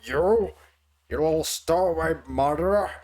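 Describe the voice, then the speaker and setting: A man putting on a gruff, heavy-accented sailor. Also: fairly high pitch, unhurried, voice pushed up, natural voice. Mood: accusing. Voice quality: rolling heavy R sounds. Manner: loud, accusing barks. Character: rude burly male sailor with heavy foreign accent. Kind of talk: reading game dialogue aloud on stream.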